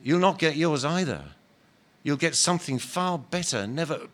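A gentle, humble male spirit, as a man reading a story voices him. He speaks low and soft, earnest and unhurried, with patient calm. The tone is plain and kind. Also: close to an everyday voice. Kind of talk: dramatic reading of a novel.

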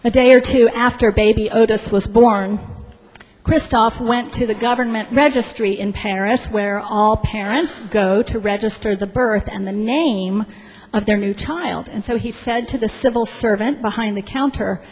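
Woman pastor, fairly high, husky voice; deliberate sermon storyteller, long hall reverb. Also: fairly even intonation, darkish tone. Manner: storytelling, slow and deliberate with pauses. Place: church sanctuary.

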